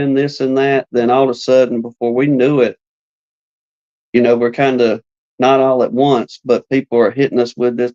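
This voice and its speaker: A man who keeps bees, musing in a measured way during a casual live-stream chat over a video call. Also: mid-range voice, little pitch movement, warm tone. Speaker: beekeeper. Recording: dull lo-fi stream audio.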